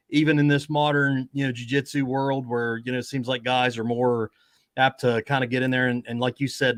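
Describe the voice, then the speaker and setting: A man's voice: medium pitch, dry recording. Casual male host, chatty, fillers, mid voice, dry recording. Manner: easygoing, chatty, lots of "you know". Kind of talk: casual conversation.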